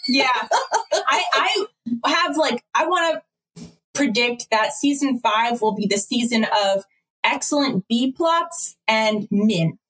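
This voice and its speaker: A woman's voice: on the high side, lively intonation, takes it slowly, fairly bright tone, slightly rough, poor audio. A woman co-hosting a podcast, chiming in with short reactions and comments. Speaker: podcast co-host. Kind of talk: casual recap chat.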